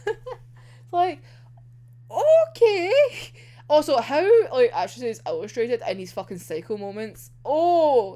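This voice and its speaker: Fan woman recapping a manga volume; bright and lively pitch, emotional, sweary, acts out the lines. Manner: emotional, swearing, laughing and groaning over the story; acts out characters' lines in quick quoted asides. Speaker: manga reviewer. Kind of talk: excited casual manga recap.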